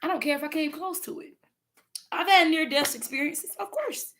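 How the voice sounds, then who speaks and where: A woman with a Southern US accent, talking in a casual spiritual vlog, animated and profane, often laughing and repeating words. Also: high-pitched, moderate pace. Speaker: spiritual content creator.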